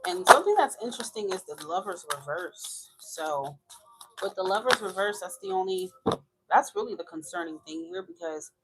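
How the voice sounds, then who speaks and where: A woman's voice: medium pitch, sing-song, normal speed, heavy background noise. A woman giving a chatty tarot reading, frank and talkative, laughing often. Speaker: tarot reader.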